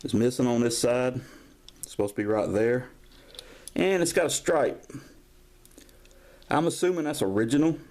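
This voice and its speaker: This toy collector vlogger, a man in his 50s from Georgia, US, talks at a normal speed with long pauses in a medium-pitched, darkish voice. Filming his collection at home for a casual show-and-tell, he rambles folksily and drifts into stories, recorded with chatty camera-mic sound.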